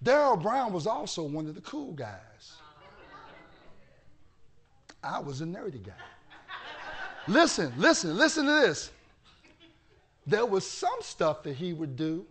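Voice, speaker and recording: A male pastor preaching a sermon with animated storytelling that bursts into shouting. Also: sits high, measured pace, pauses often.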